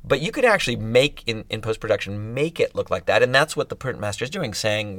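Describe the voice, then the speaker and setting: Middle-aged man, low voice, halting thoughtful chat, dry close sound. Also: sing-song, a bit bright, dry recording. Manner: thoughtful, halting, many restarts. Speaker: podcast co-host. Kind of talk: casual chat.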